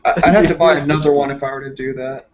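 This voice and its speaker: A man co-hosting a casual collector chat with a dry, sarcastic deadpan, over dull lo-fi stream audio. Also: medium pitch, fast talker, a crowd in the background. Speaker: podcast co-host.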